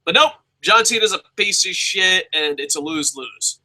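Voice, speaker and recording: A man hosts a live-streamed show, talking casually off the cuff. His voice sits somewhat high and sounds very bright and forceful. He rambles, swears freely and jokes at his own expense. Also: animated, moderate pace, poor audio. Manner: profane, rambling, self-mocking. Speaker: show host.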